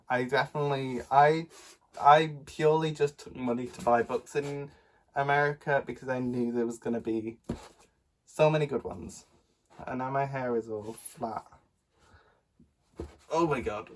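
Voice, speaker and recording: A man's voice: mid-range voice, steady tone, measured pace, long pauses, slight background noise. Nasal, chatty young man vlogging. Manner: chatty, rambling with many ums and laughs. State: nasal from a cold. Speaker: book vlogger. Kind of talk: casual book haul vlog.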